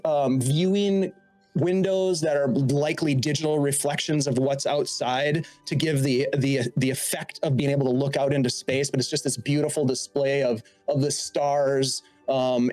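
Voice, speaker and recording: A man narrating a sci-fi tabletop game as game master, describing scenes in a halting way with many restarts. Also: mid-range voice, a little mellow, no echo.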